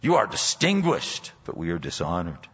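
A man's voice: deep voice, wildly swooping pitch, moderate pace, a bit bright, husky. A male pastor preaching a sermon in a church, emphatic and sometimes mockingly sarcastic. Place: church sanctuary. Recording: dull audio with long hall reverb.

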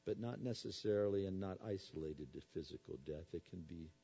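A male pastor preaching a sermon, swinging between soft low lines and loud raised appeals. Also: brisk, creaky, slightly rough, lo-fi sound.

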